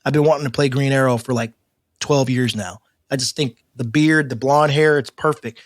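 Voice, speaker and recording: A man co-hosting a podcast in casual chat, talking in stammering restarts and getting animated as he makes a point. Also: medium pitch, moderate pace, dry recording, clean studio sound. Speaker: podcast co-host.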